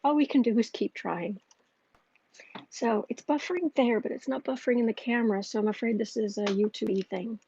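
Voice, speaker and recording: A woman's voice: a little high, fairly quick, vocal fry, warm tone, dull audio, a little hiss or hum. A woman hosting a casual tarot livestream, rambling and chatty with frequent restarts. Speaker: astrology and tarot livestream host.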